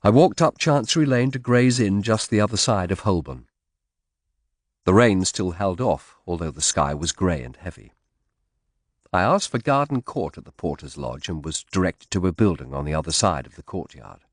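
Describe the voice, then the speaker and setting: Low-voiced male audiobook narrator. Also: expressive, moderate pace, no room sound, studio quality. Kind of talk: audiobook narration of a historical mystery.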